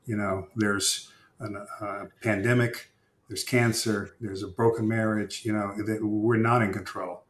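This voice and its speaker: An author guesting on a podcast answers in a thoughtful, measured way, pausing with "uh" as he talks in a conversational interview style. His voice is on the low side with little pitch movement, and the sound is reverberant.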